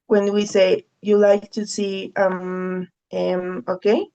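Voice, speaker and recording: In another stretch of the online lesson, this Spanish-speaking English teacher sounds flatter and darker, her mid-range voice moving at a measured pace through dull audio. She still repeats key phrases patiently and checks in often with "okay?"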